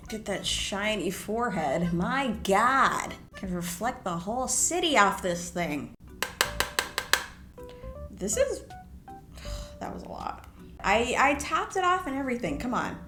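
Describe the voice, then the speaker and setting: A woman's voice: medium pitch, sing-song, takes it slowly, pauses often, sharp tone, reverberant, faint music behind. A young woman chatting casually while doing her makeup at home, playful and sometimes slipping into sing-song bits. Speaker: beauty vlogger. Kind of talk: casual get-ready-with-me chat. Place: home room.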